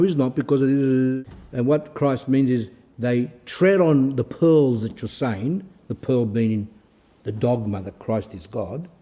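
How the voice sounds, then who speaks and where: A man's voice: medium pitch, dark tone. A middle-aged man, an Orthodox priest, giving an earnest talk, telling stories and acting out quoted exchanges. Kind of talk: sermon-style talk.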